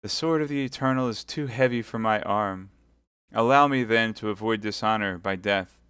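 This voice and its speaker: A man's voice: fairly low pitch, moderate pace, pushed and bright, no room sound, clean studio sound. A man voicing a scheming captive noblewoman who pleads and seduces in a theatrical way. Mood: imploring.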